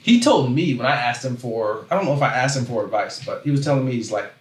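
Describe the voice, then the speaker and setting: A man hosting a casual livestream, talking in loose rambling runs that keep breaking off and restarting, then stopping to read chat out loud. His voice sits at an ordinary middle pitch. The sound has a roomy echo around it. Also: fast. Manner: rambling, self-interrupting, animated, reads chat aloud. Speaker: host.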